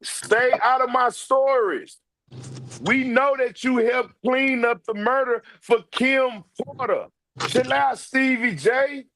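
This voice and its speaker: A man's voice: extremely high pitch, slow, fairly bright tone, a little hiss or hum. A man giving casual ranting commentary, brash and profane, calling people out directly. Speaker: online commentator.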